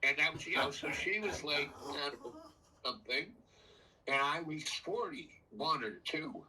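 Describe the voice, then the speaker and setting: A man's voice: on the high side, animated, a little slow, distant mic, crowd noise, poor audio. An older man telling a meandering personal story that jumps around in time. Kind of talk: rambling personal anecdote.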